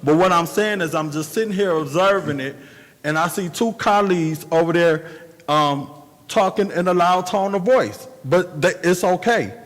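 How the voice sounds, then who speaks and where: A man's voice: high-pitched, moderate pace. Emphatic councilman in a reverberant chamber. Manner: emphatic, repetitive, plainspoken. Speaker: city council member. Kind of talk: formal meeting remarks.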